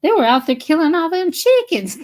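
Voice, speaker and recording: A woman's voice: very high-pitched, big pitch swings, normal speed, a little mellow. A woman with a Southern US accent chatting on a live stream, telling rambling stories and laughing between phrases. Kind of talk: casual storytelling to viewers.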